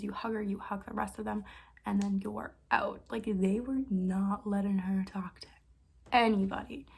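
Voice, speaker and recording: A young woman chatting to camera about her experiences, her voice breathy and soft-edged. She talks in excitable rushes, full of "like" and little laughs. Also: medium pitch. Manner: excitable, fast bursts, lots of likes and laughs. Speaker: vlogger. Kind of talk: casual storytime chat.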